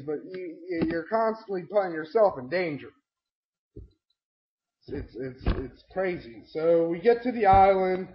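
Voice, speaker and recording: A young man recapping a tabletop game session, excitable and swearing constantly as he tells the story. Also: high-pitched. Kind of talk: profane storytelling rant. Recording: dull lo-fi home mic.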